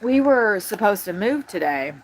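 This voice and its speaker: A woman live-streaming from inside her RV on a phone propped on a tripod, chatting quickly and jumping from one thing to the next. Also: medium pitch. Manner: fast, scattered, excitable chatter. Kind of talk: casual live-stream chat. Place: inside an RV at a campground.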